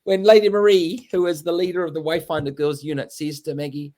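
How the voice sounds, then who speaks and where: A man's voice: fairly high pitch, level tone, a little fast, few pauses, mellow. A man with an English accent, a guest author chatting casually in an interview, rambling with many fillers and restarts. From England.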